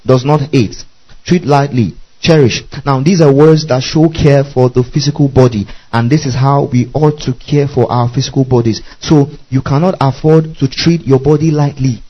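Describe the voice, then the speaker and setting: A man's voice: mid-range voice, fairly even intonation, normal speed, dark tone, dull audio. A man preaching a Bible-teaching sermon, spelling out Greek words letter by letter and often asking the listeners whether they follow.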